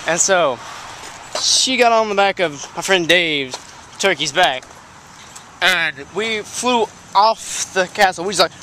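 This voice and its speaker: A man improvises a rambling story, looping through fillers and repeats with a high, bouncy voice. He is recorded outdoors with clear traffic noise behind him. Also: animated, takes it slowly.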